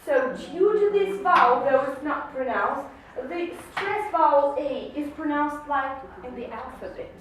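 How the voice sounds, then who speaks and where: A woman's voice: high-pitched, animated, unhurried, few pauses, slight background noise. A woman teaching an English lesson to a class, patient and encouraging, explaining with lots of questions. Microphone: camera mic from across the room. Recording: echoey classroom from far off.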